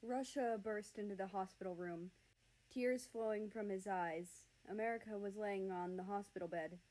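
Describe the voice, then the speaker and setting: A woman reading a fan fiction story aloud in an earnest, expressive narration. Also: medium pitch, normal speed.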